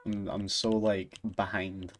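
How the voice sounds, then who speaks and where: A man's voice: sits low, flat delivery, slow pace. A Scottish man chatting casually with his viewers on a game stream, easygoing and self-deprecating, laughing often. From Scotland. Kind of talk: casual game livestream chat.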